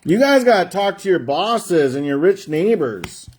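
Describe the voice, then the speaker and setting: On a sports card break stream, a man jokes and chats while calling out player names. His voice is high-set and husky, slightly mellow, with wide pitch swings and an unhurried pace.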